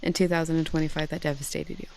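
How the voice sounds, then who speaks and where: A woman's voice: low-pitched, flat delivery, very fast, a little mellow. A woman hosting a podcast, chatting in a playful, teasing, frank way. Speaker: podcast host. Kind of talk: casual podcast chat.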